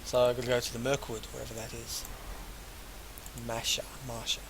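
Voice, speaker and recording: A man recording a game playthrough at a mid-range pitch. He reads long passages of game text aloud in full, then mutters short, casual asides between them. A faint hiss runs under his voice. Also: monotone, a little fast, creaky. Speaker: let's player. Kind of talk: gameplay commentary and reading game text aloud.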